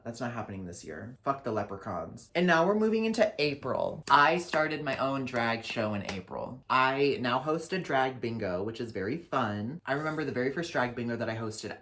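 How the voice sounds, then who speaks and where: Sassy, foul-mouthed young man vlogging. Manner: sassy, profane, dramatic asides; swings between loud outbursts and low mutters. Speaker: vlogger and drag performer. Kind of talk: casual year-recap vlog.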